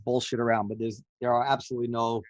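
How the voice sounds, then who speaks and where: A man co-hosting a podcast over a video call, talking casually with many halting restarts. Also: medium pitch, flat delivery, no echo. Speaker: podcast co-host.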